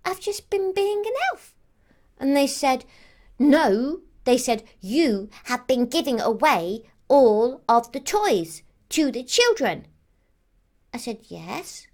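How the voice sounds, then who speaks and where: A woman's voice: a little high, full character voice. A woman playing a childlike female Christmas elf who rambles on with lots of "like" and "um". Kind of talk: character monologue to camera.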